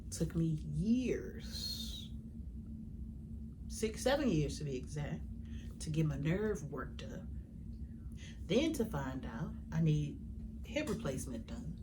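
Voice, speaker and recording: A woman vlogger telling a personal story in a heartfelt, conversational way, with colloquial grammar and some hushed, whispered stretches. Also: deep voice, sing-song, takes it slowly, long pauses. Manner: sometimes drops to a hushed whisper. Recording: noticeable background noise.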